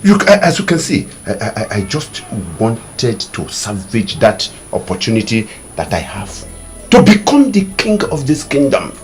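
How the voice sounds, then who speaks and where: A man's voice: medium pitch, wildly swooping pitch, measured pace, faint music behind. A Nigerian man playing a desperate man who pleads and stammers to become king. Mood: pleading. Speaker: son and would-be king. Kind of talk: Nollywood film acting.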